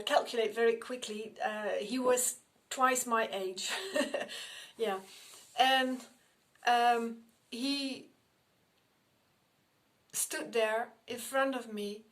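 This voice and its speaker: A middle-aged woman, a spiritual medium telling personal stories in an unhurried way, often repeating and restarting her phrases. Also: a little high. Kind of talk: personal storytelling to camera.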